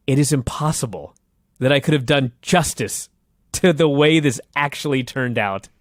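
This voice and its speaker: A man co-hosting a podcast in casual chat, emphatic and quick to laugh. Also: fairly high pitch, big pitch swings, no room sound, clean studio sound. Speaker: podcast co-host. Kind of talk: casual chat recapping old wrestling.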